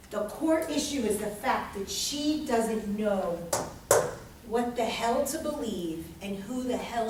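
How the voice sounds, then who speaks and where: A high-voiced woman lectures her class in an unhurried, dramatic way and swears freely. She is picked up from across a very echoey classroom by a distant mic, with a faint hiss behind her. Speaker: instructor leading a class.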